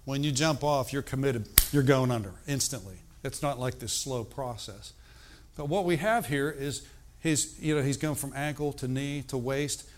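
An older man preaches an animated, emphatic sermon in a medium-pitched voice, veering between loud outbursts and hushed, slow emphasis. A little hiss or hum is audible in the recording.

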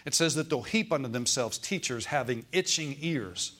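A man's voice: mid-range voice, animated, normal speed, a bit bright. A middle-aged man preaching a sermon, repeating phrases for emphasis and asking his listeners for amens.

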